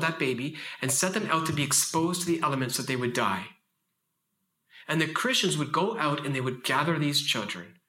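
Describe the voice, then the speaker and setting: A man in his thirties giving an impassioned, emphatic talk at a faith conference, telling stories with lively vocal shifts. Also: on the high side. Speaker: conference speaker.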